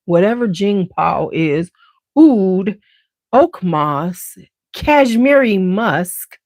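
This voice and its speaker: A woman with a Chicago accent hosting a beauty channel, chatting casually to her viewers in an animated, sassy way and jumping into high, exaggerated quoted voices. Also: dry recording. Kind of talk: casual chat to camera.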